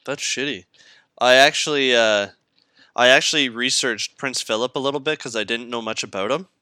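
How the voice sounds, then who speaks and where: A young man from Canada co-hosting a podcast, chatting casually, swearing freely and laughing loudly. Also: medium pitch, normal speed, clear, resonant tone, no echo, studio quality. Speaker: podcast co-host. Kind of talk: casual chat.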